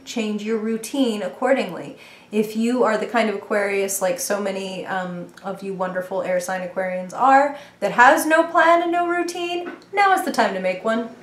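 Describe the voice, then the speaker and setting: A woman giving a casual, playful tarot reading to the viewer, chatty and quick to laugh. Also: mid-range voice, reverberant. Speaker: tarot reader.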